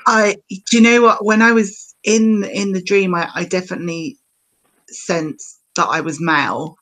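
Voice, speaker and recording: A woman's voice: medium pitch, fairly even intonation, normal speed, a bit bright, low-quality recording. A woman on a podcast, telling a personal story hesitantly, with many fillers. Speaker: guest. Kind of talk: casual storytelling.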